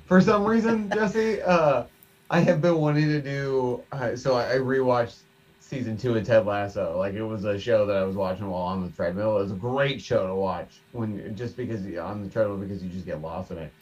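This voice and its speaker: A man's voice: on the low side, normal speed, darkish tone, recorded from a distance, dull audio. A man co-hosting a casual podcast over drinks, joking, laughing often and swearing casually. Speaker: podcast co-host.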